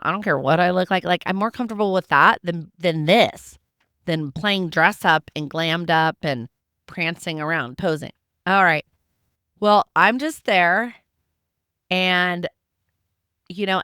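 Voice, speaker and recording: A woman in her fifties, a podcast host telling a personal story in a chatty, animated way with many restarts. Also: on the low side, clean tone, no room sound, studio quality. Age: 50s. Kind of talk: casual storytelling to listeners.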